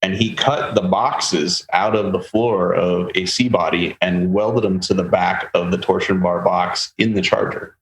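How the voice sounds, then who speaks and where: A man hosting a podcast, telling a long car story in a casual, animated way and acting out the people he quotes. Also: sits low, a little slow, hardly any pauses. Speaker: podcast host. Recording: roomy with faint ambient noise.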